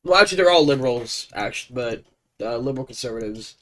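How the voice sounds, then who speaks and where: A man's voice: mid-range voice, fast. Allergy-stuffed male game streamer. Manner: excitable, stumbles over names. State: congested with allergies. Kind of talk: live gameplay commentary and reading game text aloud.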